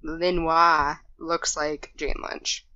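Woman, podcast co-host. Low voice, very slow, dry delivery, dead room, dull lo-fi recording. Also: little pitch movement, sharp tone, no echo. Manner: slow, dry, wry interjections. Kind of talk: casual chat.

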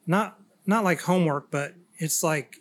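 Man, casual chat, thoughtful, slow, halting phrasing. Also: on the high side.

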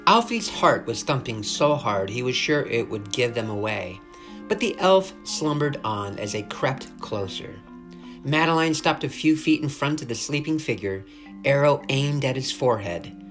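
Brief: mid-pitched audiobook narrator for a kids' fantasy chapter book; steady, expressive read; light guitar bed. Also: normal speed. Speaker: storyteller. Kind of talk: reading a children's chapter book aloud.

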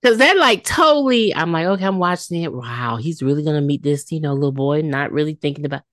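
Podcast co-host, woman, deep voice that swings widely, expressive reactions. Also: fast talker, dry recording, studio quality. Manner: expressive reactions, frequent agreeing interjections. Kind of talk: casual TV recap chat.

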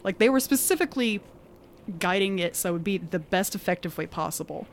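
Casual podcast co-host: a woman with an accent, mid-pitched, giggly, animated game recap, faint background hiss. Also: a little fast. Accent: non-standard accent of her own. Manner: animated, laughing often, heavy use of "like". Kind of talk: casual storytelling chat.

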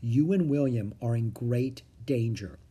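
A man's voice: mid-range voice, a little slow, warm tone, husky. A man reading a storybook aloud, voicing a serious, worried young boy. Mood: earnest. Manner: firm, serious.

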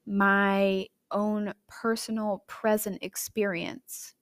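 A young woman hosts her own podcast and tells a personal story straight to her listeners. She talks in a chatty, candid way, with sudden emotive swings in pitch and loudness. Her voice sits at an ordinary middle pitch for a woman. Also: little pitch movement, slow pace. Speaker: podcast host.

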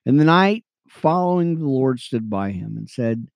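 A man teaching the Bible on radio, reading verses aloud between excited, chatty asides to his listeners. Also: mid-range voice, normal speed, gravelly, no echo. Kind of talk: reading scripture with commentary.

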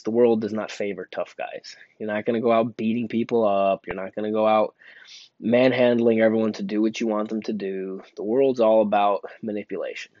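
Young man, low voice, rambling casual story, many restarts, lo-fi dry sound. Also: a little mellow, dry recording. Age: young adult. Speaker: store employee telling a story. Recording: dull lo-fi dry recording.

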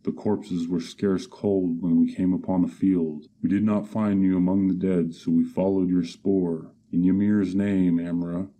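A man voicing a gruff, grunting northern warrior in an audiobook. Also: low voice, flat delivery, a little slow, hardly any pauses, warm tone.

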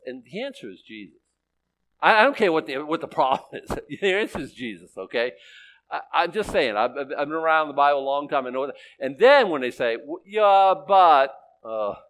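A man in his sixties, a pastor preaching a sermon, emphatic and animated, reading scripture and making sarcastic asides. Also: medium pitch. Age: 60s. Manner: reads scripture aloud in older English.

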